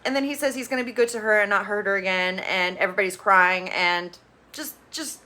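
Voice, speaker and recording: A woman recaps a reality TV show in a casual, gossipy way, blunt and opinionated, swearing freely, with bursts of excitement in her chatty storytelling. Her voice is medium-pitched and fairly quick.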